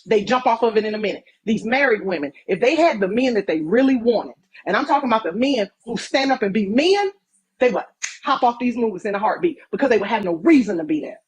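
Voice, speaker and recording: A woman speaks in a husky, somewhat high voice. She lectures emphatically in an online debate and keeps driving the same points home. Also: lively intonation, fast talker, rough recording. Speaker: TikTok debater. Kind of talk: live social media debate.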